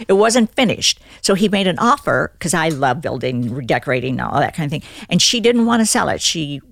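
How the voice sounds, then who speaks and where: Older woman, low voice with gravelly fry, lively storytelling, dry close sound. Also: fairly quick, few pauses, dry recording. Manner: animated, acts out quoted lines in the story. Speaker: guest. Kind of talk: casual storytelling.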